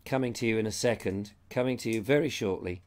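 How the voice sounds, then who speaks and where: A middle-aged British man hosts a casual live chat, reading viewer comments aloud and reacting to them. His voice is lowish and fast, picked up by a lapel mic.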